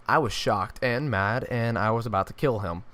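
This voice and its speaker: A young man, telling a true story for his vlog in an animated way, often restarting his sentences. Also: on the low side, normal speed. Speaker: YouTuber.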